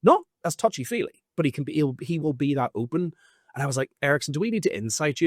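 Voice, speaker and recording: A man hosting a podcast, recounting events in an animated, casual way with lots of fillers and swearing. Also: medium pitch, fast talker, dry recording, clean studio sound. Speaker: podcast host. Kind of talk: casual storytelling.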